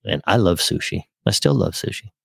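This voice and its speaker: Co-hosting a casual faith podcast, a man tells stories animatedly, acting out quotes and laughing easily. His low voice is gravelly and slightly rough, a little fast, and recorded in studio quality with no echo.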